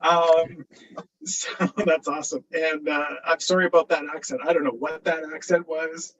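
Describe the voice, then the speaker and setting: A man's voice: on the high side, fairly even intonation, moderate pace, a bit bright, distant mic, rough recording. A man, a filmmaker and actor, chatting casually on a video call after a table read, with many fillers and laughs.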